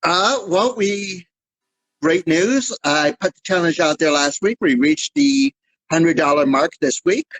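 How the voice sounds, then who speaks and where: A man, creator and producer of a fan series, talking hesitantly with many pauses in a casual online interview. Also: high-pitched, very animated, a bit bright, rough recording. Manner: hesitant, full of fillers. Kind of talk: casual video call interview.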